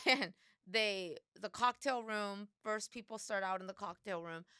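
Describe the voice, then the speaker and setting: A woman co-hosting a podcast, chatting casually and telling lively stories with acted-out quotes. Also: medium pitch, unhurried, clear, resonant tone, no echo, clean studio sound. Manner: lively storyteller, acts out quotes. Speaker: podcast co-host. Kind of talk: casual chat.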